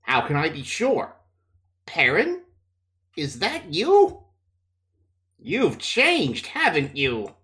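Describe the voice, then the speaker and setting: A man reading the part of a feverish, sly young man who rasps out taunting, suspicious questions. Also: a little high, wildly swooping pitch, drawn-out words, long pauses, pushed and bright, full character voice. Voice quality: hoarse, rasping.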